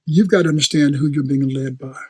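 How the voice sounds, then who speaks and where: A man preaching a sermon, telling a personal story with lively repetition and frequent laughter. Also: mid-range voice, brisk, breathy edge, dry recording. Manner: animated storyteller, laughs often, repeats phrases.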